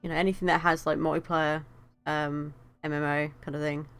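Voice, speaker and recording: A woman's voice: deep voice, little pitch movement, a little fast, a bit bright, clear, resonant tone, faint music behind. A woman hosting a let's-play video, chatting casually and rambling with lots of fillers. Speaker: streamer and gameplay host.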